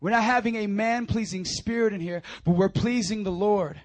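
Here a pastor's sermon alternates between loud pleading and soft, close delivery, punctuated by repeated "come on now" calls. The man has a high voice and keeps a moderate pace.

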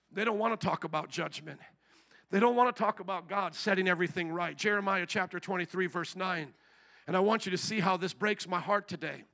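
High, bright-voiced animated male preacher. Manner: animated, acts out quoted voices. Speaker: pastor. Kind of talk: sermon.

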